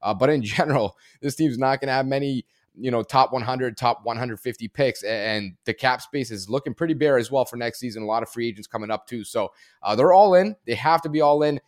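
A man's voice: medium pitch, dry recording, studio quality. A man talking as a guest analyst in a casual sports discussion, emphatic and full of fillers. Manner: fast, emphatic, frequent fillers.

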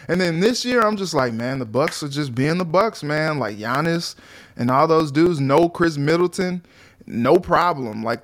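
A man co-hosting a sports talk show, chatting casually and jumping into little acted-out quotes. His voice sits a bit higher than most men's. The talk is animated and quick to react. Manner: animated, acts out quotes of players and fans. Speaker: co-host.

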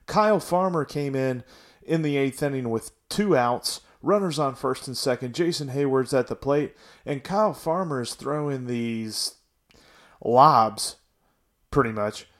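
A man hosting a sports podcast, talking casually and venting frustration with frequent restarts. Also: mid-range voice. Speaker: podcast host.

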